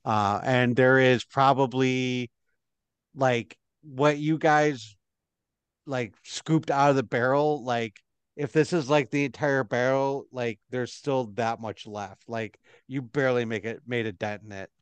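A man's voice: medium pitch, steady tone, measured pace, clear, resonant tone, no room sound. A man running a tabletop game as game master, narrating in a rambling way with lots of fillers.

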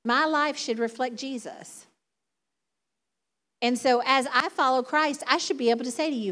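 A woman's voice: high-pitched, moderate pace, a bit bright. A middle-aged woman preaching a sermon in a chatty, conversational way, laughing often.

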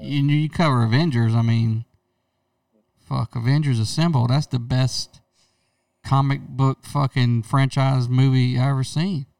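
A man's voice: medium pitch, steady tone, a little slow, creaky, a little mellow, no room sound, recorded from a distance. A man co-hosting a casual podcast chat, brash and joking, swearing often. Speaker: podcast co-host.

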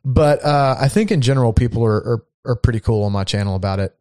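A man's voice: medium pitch, fast talker, darkish tone, dry recording. A man from Florida chats loosely about his hobbies, wandering through his thoughts with frequent fillers. His voice sits in an ordinary middle register. The recording is close and dry. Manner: rambling, filler-heavy, laid-back. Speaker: YouTube channel host. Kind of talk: casual chat over whiskey.

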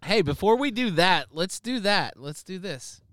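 A man's voice: high voice, expressive, moderate pace, a bit bright, no echo. A man hosting a podcast, joking around with his buddies and swearing freely. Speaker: podcast host. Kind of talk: casual podcast banter.

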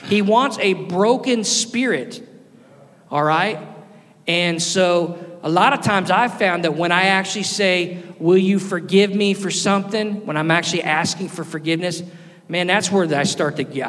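A man preaching a sermon, earnest, rising to loud emphasis and dropping to soft, quiet lines. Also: sits high, normal speed. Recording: long hall reverb with faint music.

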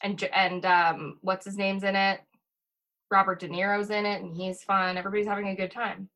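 A woman's voice: mid-range voice, little pitch movement, fairly quick, fairly bright tone. A woman co-hosting a podcast, reacting in casual chat with incredulous, wry remarks. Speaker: podcast co-host.

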